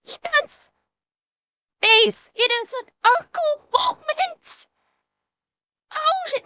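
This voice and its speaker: A woman streamer reacting live to a video, swearing loudly and breaking into helpless laughter. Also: extremely high pitch, lively intonation, extremely slow, pauses often, no room sound. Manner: profane, loud exclamations and helpless laughter.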